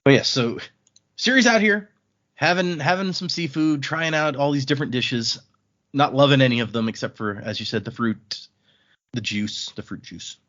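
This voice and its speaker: A man's voice: mid-range voice, normal speed, a bit bright. A man hosting a podcast, chatting casually as he retells book scenes with frequent restarts. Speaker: podcast host. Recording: dull lo-fi audio.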